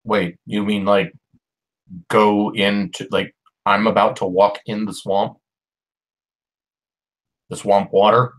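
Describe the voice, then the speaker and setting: Husky, nervous stammering male player. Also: fairly low pitch, little pitch movement, slow, pauses often. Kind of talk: in-character tabletop play.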